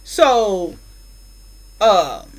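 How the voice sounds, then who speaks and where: A woman's voice: mid-range voice, sing-song, drawn-out words, rough recording. A woman casually retelling a movie plot, rambling with many fillers and acted-out quotes, with features. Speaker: film reviewer.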